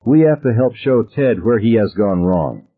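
A man's voice: lowish voice, animated, moderate pace, breathy edge, narrow, tinny audio, voice pushed up. A man voicing a demure teenage girl who chooses her words carefully. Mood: earnest.

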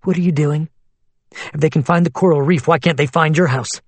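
An anxious man on the run speaks low and hushed, voiced by a male narrator. His voice is husky and tense. The recording is dry and close. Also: a little fast, dry recording.

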